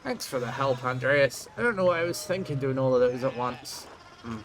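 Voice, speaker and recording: A man voicing a busy, friendly village blacksmith who gives brisk instructions in a video game. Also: medium pitch, animated, slight background noise, close to an everyday voice.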